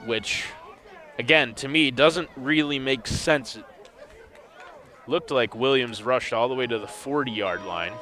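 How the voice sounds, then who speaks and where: A man's voice: medium pitch, unhurried, sharp tone, soft background music, a faint crowd. A man calling a semi-pro football game play by play, with dry, wry asides about confused officiating. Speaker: play-by-play commentator. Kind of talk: sports commentary.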